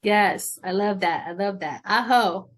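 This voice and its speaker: Woman healer guiding a video-call ritual; gentle, encouraging, mid-pitched. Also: measured pace. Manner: gentle, encouraging, closes each share with aho. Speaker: shamanic healer leading a ceremony. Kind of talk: guiding a virtual group ritual.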